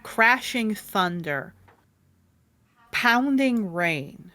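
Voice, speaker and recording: A woman narrating a tabletop game as game master, telling the scene in an animated storytelling way. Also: mid-range voice, extremely slow, no echo. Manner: animated storyteller, hums while cueing music. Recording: faint background music.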